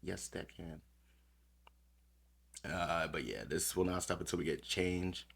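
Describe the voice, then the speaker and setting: A man's voice: sits low, a little slow, creaky, a bit bright, breathy edge. A man hosting a podcast, reading news stories aloud with small stumbles and commenting on them bluntly with plenty of cursing. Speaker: podcast host.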